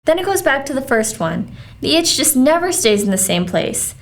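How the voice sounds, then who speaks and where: A woman's voice: very animated, moderate pace. Storybook figure: woman voicing a whiny, itchy little schoolgirl. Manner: whining, complaining, higher than narration.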